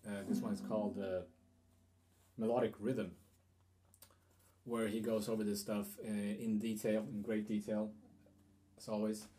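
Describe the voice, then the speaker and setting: Mellow-voiced man teaching guitar. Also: on the low side, little pitch movement, measured pace, long pauses. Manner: hesitant, explanatory, many fillers and restarts. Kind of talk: instructional guitar lesson.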